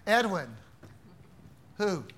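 A man's voice: high-pitched, expressive, drawn-out words, fairly bright tone, a little hiss or hum. A man teaching an interactive Bible class, quizzing his students in a playful, teasing way.

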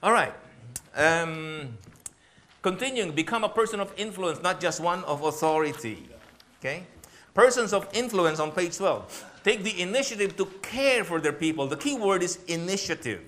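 A middle-aged pastor, preaching in an animated, humorous way and laughing often. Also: male voice, sits high, moderate pace, a little hiss or hum. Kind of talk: sermon talk with humor.

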